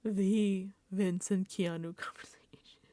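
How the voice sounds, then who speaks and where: A woman's voice: medium pitch, steady tone, slow pace, warm tone, dry recording. A woman giving casual, rambling recap commentary on a reality show, exasperated and swearing freely.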